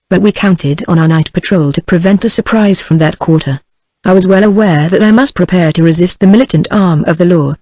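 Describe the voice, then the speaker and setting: A text-to-speech woman's voice with a British English accent, reading a novel aloud in an even, steady narration. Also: lowish voice, no room sound.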